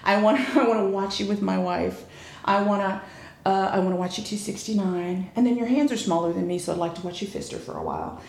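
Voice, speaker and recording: Woman doing a smooth-talking male art dealer. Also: mid-range voice, sing-song, fast talker, a little mellow. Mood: coaxing. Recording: echoey room, faint noise.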